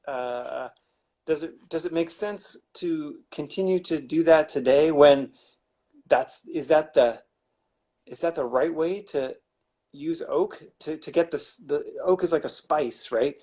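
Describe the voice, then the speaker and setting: A man's voice: fairly high pitch, takes it slowly, a little mellow. A man, a winemaker, explaining wine making in a casual, rambling way with wry asides and many restarts.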